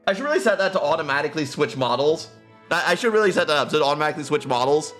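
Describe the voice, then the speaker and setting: A man's voice: a little high, expressive, rapid-fire, a bit bright, faint music behind. A man live streaming a game from his room on a close desk mic, chatting playfully and laughing often. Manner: giggly, playful, keeps breaking into laughter. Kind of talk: casual live-stream chat. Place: home room.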